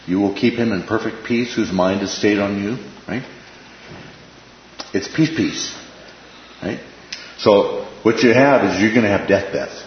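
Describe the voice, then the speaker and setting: A man's voice: fairly low pitch, unhurried, long pauses, a little hiss or hum. A man leading an informal Bible class, talking conversationally, repeating phrases and checking in with "right?". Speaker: Bible study teacher. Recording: echoey room, dull lo-fi sound.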